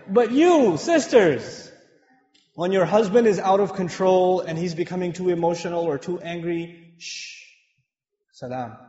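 Male preacher from Pakistan, lively humorous sermon, long hall reverb. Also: high-pitched. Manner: animated, humorous storytelling. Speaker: mosque lecturer. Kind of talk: sermon with personal stories. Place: mosque hall with women's gallery upstairs. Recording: echoey hall, dull sound.

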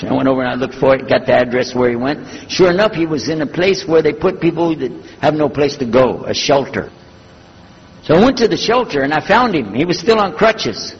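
An older man telling a story from his years as a preacher, husky and animated, acting out the dialogue. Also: a little high, brisk, a little hiss or hum. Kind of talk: storytelling talk. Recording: lo-fi recording in a reverberant hall.

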